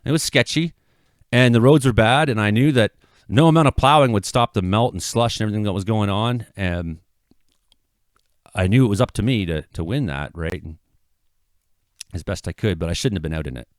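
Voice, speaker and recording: Earnest low-voiced man, weather vlogger. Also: dry recording, studio quality. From Canada. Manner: earnest, halting, swears, rises to impassioned outbursts. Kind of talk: emotional apology monologue. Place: his home.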